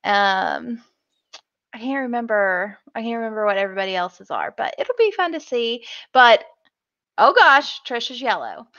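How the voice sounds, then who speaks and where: A woman's voice: a little high, sing-song, moderate pace, pushed and bright, lo-fi sound. A woman co-hosting a casual reality TV chat show, giggly and playful. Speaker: co-host.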